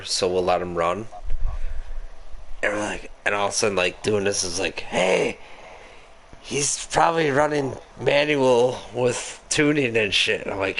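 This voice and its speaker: A man's voice: on the low side, pushed and bright, a little hiss or hum. A man with an Upper Midwest American accent, telling rambling gaming stories in casual chat, swearing and laughing a lot. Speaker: gaming podcast host.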